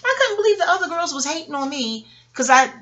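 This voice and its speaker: A woman, telling a personal story to her viewers in a casual, profane and animated monologue. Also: sits high, quick pace, lo-fi sound, slight background noise. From New York. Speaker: vlogger.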